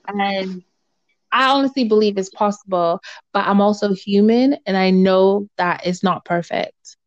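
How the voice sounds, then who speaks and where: Young woman telling an animated story. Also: medium pitch, unhurried, lo-fi sound. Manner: animated, acts out quoted voices, lots of fillers. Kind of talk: casual storytelling chat.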